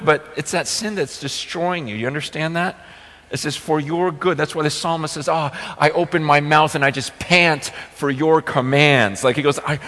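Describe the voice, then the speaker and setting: A middle-aged man preaching a sermon as pastor, earnest and storytelling, acting out quotes with sudden loud bursts. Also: on the high side, in a large hall.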